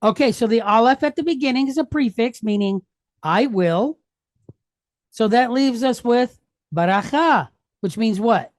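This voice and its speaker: A woman's voice: a little high, lively intonation, measured pace, no echo. A woman teaching a Hebrew lesson, going patiently step by step and asking questions that she then answers herself. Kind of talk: classroom lesson.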